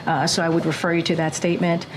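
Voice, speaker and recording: Halting woman at a noisy press briefing. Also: low-pitched, little pitch movement. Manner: halting, many fillers. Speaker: press secretary.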